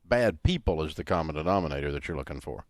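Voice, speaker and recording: Male call-in radio host, very low voice, brisk delivery, dry studio sound. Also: expressive, no room sound. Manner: brisk, forceful, repeats himself when making a point. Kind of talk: radio talk show hosting.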